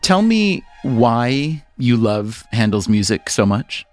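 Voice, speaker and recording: A man's voice: medium pitch, sing-song, slow, faint music behind. A man hosting a radio interview, asking curious, conversational questions into a studio microphone. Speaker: podcast host.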